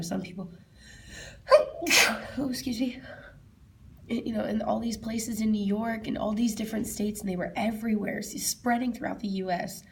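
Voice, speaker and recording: A woman answering interview questions, telling a personal memory in a halting way, repeating herself and often dropping to a soft, whispery voice. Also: medium pitch, gravelly, slight background noise. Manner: halting, repeats herself, quotes her own past words loudly.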